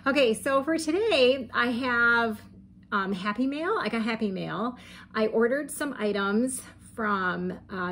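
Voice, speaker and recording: Chatty gushing woman vlogger, slightly high voice. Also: fairly bright tone, slight background noise. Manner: chatty and gushing, with frequent ums and light laughs. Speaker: crochet vlogger. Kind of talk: casual chat to camera. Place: home room with setting sun through the window.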